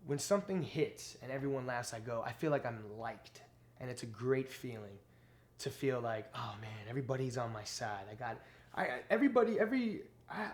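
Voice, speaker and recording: Profane New comedian telling stories. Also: male voice, medium pitch. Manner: animated, profane, acts out quotes. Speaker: stand-up comedian. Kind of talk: casual interview storytelling.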